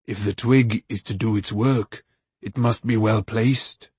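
A man voicing a patient, fatherly old male farmer who speaks with dry wryness and a husky tone. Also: fairly low pitch, steady tone, a little slow, a little mellow, no room sound. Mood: earnest.

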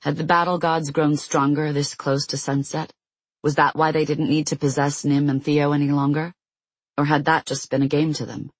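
An audiobook narrator reading a fantasy novel in a steady, measured storytelling voice on a close mic. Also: mid-range voice, dry recording, rough recording.

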